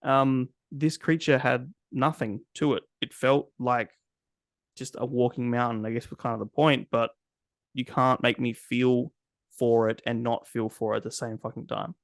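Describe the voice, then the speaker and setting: A man's voice: medium pitch, moderate pace, no room sound, clean studio sound. A man co-hosting a casual movie podcast, ranting at length with frequent swearing. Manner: ranting, profane, animated. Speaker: podcast co-host. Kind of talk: casual chat.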